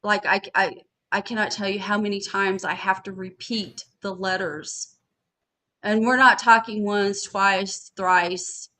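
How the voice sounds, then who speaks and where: A woman's voice: medium pitch, steady tone, measured pace, sharp tone. A woman on a podcast panel talking casually and bluntly, swearing freely as she vents. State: studying for a master's degree. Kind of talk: casual chat.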